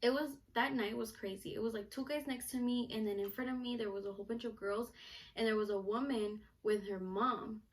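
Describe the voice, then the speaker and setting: Chatty young woman, slightly high voice. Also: fairly quick. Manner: chatty, animated, lots of filler "like". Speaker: vlogger. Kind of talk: casual storytelling vlog.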